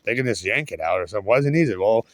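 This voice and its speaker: A man's voice: on the low side, lively intonation, very fast, dry recording. Rambling, cursing man telling a story. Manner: rambling, restarts and swears. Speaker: vlogger.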